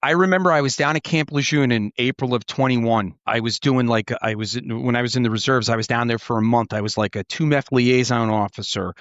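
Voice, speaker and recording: A man's voice: mid-range voice, fairly quick, few pauses, fairly bright tone, dry recording. Rambling middle-aged man, dull dry sound. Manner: rambling, many restarts and swearing. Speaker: podcast host and former Marine officer. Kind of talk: casual storytelling chat.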